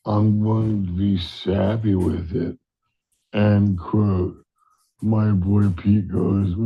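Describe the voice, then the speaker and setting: A man's voice: fairly low pitch, flat delivery, extremely slow, gravelly, husky, lo-fi sound. A man leaving a rambling, jokey voice message to a podcast.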